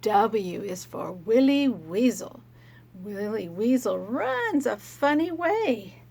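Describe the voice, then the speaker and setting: A woman teaching young children letter sounds, speaking gently and sounding out each letter. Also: a little high, very animated, slow, vocal fry, husky. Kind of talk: children's phonics lesson.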